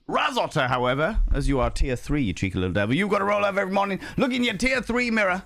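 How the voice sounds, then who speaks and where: Male streamer, sick with a cold, flamboyant sing-song chat, slightly higher voice, desk mic. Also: very animated, fast, vocal fry, a bit bright, no room sound, faint music behind. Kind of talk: live game stream chat.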